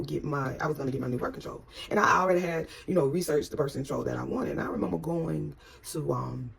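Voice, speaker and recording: Husky gravelly-voiced woman telling a story. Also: low-pitched. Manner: rambling with many restarts. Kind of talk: casual storytelling.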